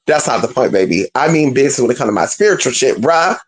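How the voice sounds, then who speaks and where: Lively storyteller vlogger with swooping pitch, swears freely, slangy, keeps addressing viewers. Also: quick pace, slightly rough. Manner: animated, profane, slangy, addresses viewers as "y'all". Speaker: spiritual vlogger.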